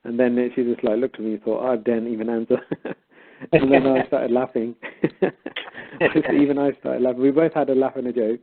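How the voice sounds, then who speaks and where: A man's voice: mid-range voice, brisk. A man casually telling a story and quoting both sides of a conversation. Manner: animated retelling, quoting both sides of a dialogue. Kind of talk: casual storytelling on a call-in show. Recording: phone-line audio.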